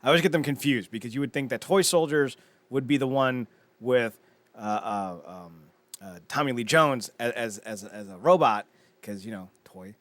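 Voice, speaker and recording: A man's voice: mid-range voice, normal speed, a bit bright, no echo. Dry-miked man acting out TV scenes. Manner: recaps scenes by acting out the characters' lines. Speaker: podcast co-host. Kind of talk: casual chat.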